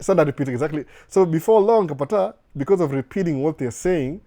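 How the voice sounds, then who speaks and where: A Kenyan man with a Kenyan accent and a hint of American runs a live Q&A chat, reading out viewer questions and offering casual advice. His mellow voice is fairly high, expressive and quick, and he frequently restarts his words.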